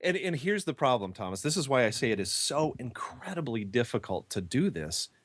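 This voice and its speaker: A man co-hosting a podcast in casual chat, an animated storyteller who acts out the people he quotes. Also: mid-range voice, fairly quick, no room sound. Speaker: podcast co-host.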